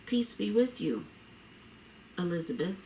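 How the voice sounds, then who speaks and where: A woman's voice: on the low side, big pitch swings, measured pace, dark tone, slight background noise. A woman reading the lines of a hopeful, pious young woman in a story, earnestly and reverently. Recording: roomy echo.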